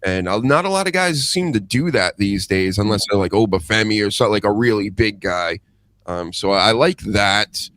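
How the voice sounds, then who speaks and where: A man hosting a podcast who talks about wrestling in a relaxed, casual way. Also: fairly low pitch, normal speed, no room sound. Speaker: podcast host.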